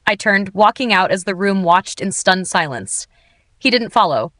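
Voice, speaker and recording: A woman's voice: mid-range voice, lively intonation, normal speed, fairly bright tone, no room sound. Woman narrator for a romance audiobook, emotional and dramatic, dry close recording. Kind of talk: first-person scripted narration.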